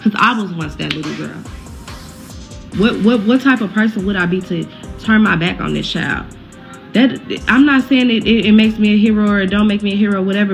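A woman's voice: mid-range voice, fairly quick, gravelly, soft background music. A woman, talking bluntly and heatedly straight to her viewers in a casual vlog update, swearing freely. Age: 20s. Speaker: social media creator caring for a neighbor's child.

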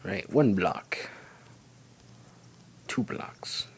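A man's voice: low voice, expressive, very slow, slight background noise. A young man giving rambling, casual commentary while playing a video game. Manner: rambling, chatty, self-talk while playing. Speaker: gaming channel host. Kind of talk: casual let's play commentary.

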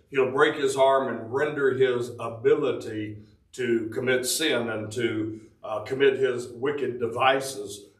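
A man's voice: medium pitch, roomy sound, recorded from a distance, rough recording. A man preaching a devotional sermon, reading scripture in old-fashioned Bible wording and explaining it.

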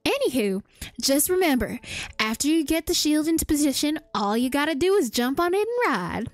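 Folksy game traveler with a Southern drawl, pitched high, read by a woman. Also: big pitch swings, no echo. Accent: put-on Southern US drawl. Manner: homespun, chummy, drawn-out reading. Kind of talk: reading game dialogue aloud.

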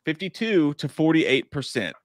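Man, slightly high voice, dry close mic, excitable movie talk, lots of swearing. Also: moderate pace, no echo. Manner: excitable, swears a lot, acts out movie scenes. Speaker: podcast co-host. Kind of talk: casual chat about movies.

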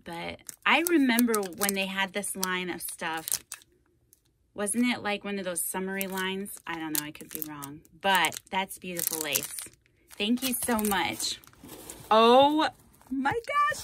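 A woman's voice: medium pitch, background noise. A woman hosting a casual craft vlog, gushing and thanking a viewer as she unpacks a box of supplies. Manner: gushing, effusive, repeats thanks. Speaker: craft channel host. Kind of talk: casual mail-opening vlog.

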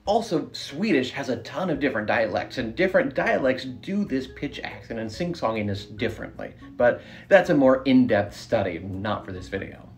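A man's voice: mid-range voice, expressive, moderate pace, hardly any pauses, faint music behind. A man hosting a short educational explainer, talking in an upbeat, explanatory way. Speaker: language educator.

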